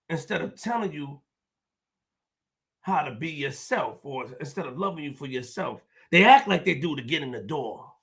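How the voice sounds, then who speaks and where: Loud, animated man ranting on a livestream. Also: sits high, creaky. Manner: swings from muttering to shouting; repetitive, emphatic. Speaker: show host. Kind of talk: livestream rant to viewers.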